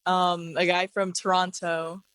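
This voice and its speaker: A woman's voice: on the low side, level tone, measured pace, a bit bright, clear, resonant tone, dry recording. A woman answering a street interview hesitantly, with tentative answers that trail off.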